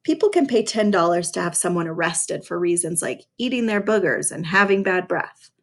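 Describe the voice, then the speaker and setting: A woman's voice: on the low side, lively intonation, normal speed. A woman reading a first-person novel aloud in a dry, sarcastic voice, stopping now and then to talk to her listeners about it. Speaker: reader.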